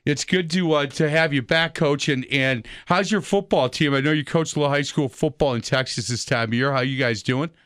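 A man's voice: fairly high pitch, brisk, hardly any pauses, fairly bright tone, clear, resonant tone, no room sound, clean studio sound. Chatty male sports radio host. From Wisconsin. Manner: chatty storyteller, joking. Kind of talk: casual sports radio chat. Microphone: studio headset.

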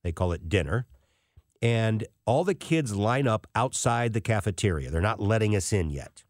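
Sixties male commentator, self-deprecating anecdotes, very lively intonation. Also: lowish voice, moderate pace, dry recording, clean studio sound. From United States. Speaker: financial commentator. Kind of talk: casual storytelling monologue.

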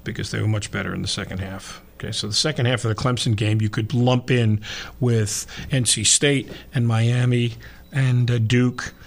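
A man hosting a sports radio show, rambling through stats and yelling at the crew. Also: medium pitch, steady tone, normal speed, creaky. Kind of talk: casual radio banter. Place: radio studio.

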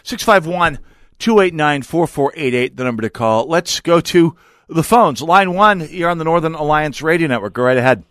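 A man hosts political talk radio at a studio mic. His pitch swings widely as he jabs sarcastically, and the sound is dry and close. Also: moderate pace, dry recording. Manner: animated, sarcastic, combative. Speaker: radio talk show host. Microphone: studio microphone.

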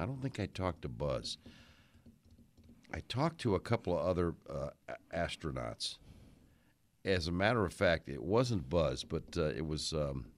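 A man hosting a radio show, chatting casually and telling rambling, folksy stories in a studio. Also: sits low. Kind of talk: casual on-air chat.

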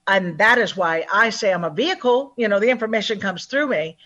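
A woman talking as a numerologist guest in an interview, upbeat and chatty, acting out other people's lines in lively voices. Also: mid-range voice, a little fast, highs cut off. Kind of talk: phone-in interview, animated and chatty.

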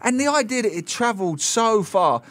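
A man chats on radio as a guest, spinning jokey, animated stories. His voice sits fairly high and swoops widely as he talks. The studio sound is close and dry. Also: moderate pace, dry recording. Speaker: guest commentator. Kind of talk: casual radio chat.

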